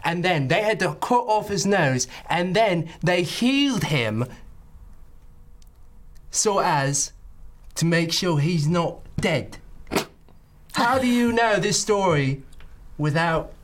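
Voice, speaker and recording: A man's voice: high voice, animated, slow, a little hiss or hum. A man playing a tabletop game, arguing in character as a boastful teller of a tall tale. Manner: boastful storytelling, arguing facts. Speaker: player. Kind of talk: in-character tabletop role-play.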